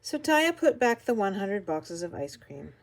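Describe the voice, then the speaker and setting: An older woman reading a children's picture book aloud, her voice rising and falling with lively expression. She tells the story warmly paced and animated, slowing and softening at the tense moments. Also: medium pitch. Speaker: storybook reader.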